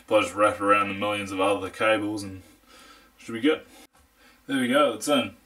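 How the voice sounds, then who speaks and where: A man's voice: fairly low pitch, steady tone, a little fast, pushed and bright. A young man with a New Zealand accent giving a casual, jokey hands-on review of computer parts, rambling with fillers. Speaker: tech reviewer.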